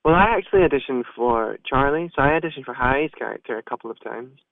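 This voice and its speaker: A man with a Scottish accent, an actor guest chatting casually and relaxed in an interview. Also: mid-range voice, quick pace, vocal fry, no room sound. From Scotland. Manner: relaxed, chatty, with self-deprecating asides. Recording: tinny phone line.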